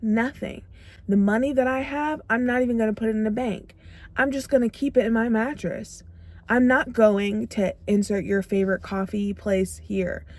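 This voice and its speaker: A woman's voice: fairly high pitch, fairly even intonation, moderate pace, darkish tone. A young woman giving a motivational self-growth talk to camera, emphatic and repeating phrases for punch. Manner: acts out her own inner dialogue in quotes.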